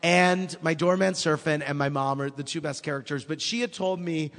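Man telling stories, slightly high voice. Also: a little fast, creaky, few pauses, big-room sound. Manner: animated storyteller, acts out quotes. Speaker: author guest. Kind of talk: casual chat.

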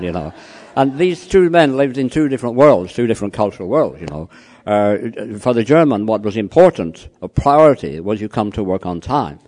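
A man's voice: on the low side, lively intonation, moderate pace, darkish tone. A man lecturing a live audience on cross-cultural communication, telling anecdotes, peppering his talk with "you know" and quizzing the room. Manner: frequent "you know" fillers.

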